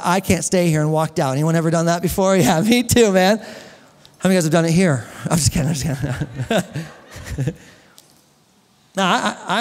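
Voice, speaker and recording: A man preaching a sermon as a pastor, telling a story, asking the congregation questions and joking with them. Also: high-pitched. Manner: storytelling, asks the congregation questions, jokes and laughs. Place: church hall with long reverb. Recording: echoey church hall.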